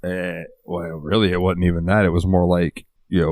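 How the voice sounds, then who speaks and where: A man with a very low voice tells long rambling stories as a podcast co-host, cursing casually as he goes. The sound is dry and close, with no room around him. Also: little pitch movement, normal speed, a little mellow, dry recording. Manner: swears a lot and rambles through stories. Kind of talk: casual chat.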